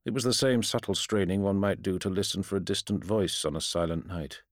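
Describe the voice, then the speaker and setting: A man reading a first-person fantasy story aloud in a measured, solemn storytelling manner. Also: deep voice, dry recording, studio quality. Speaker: audiobook narrator.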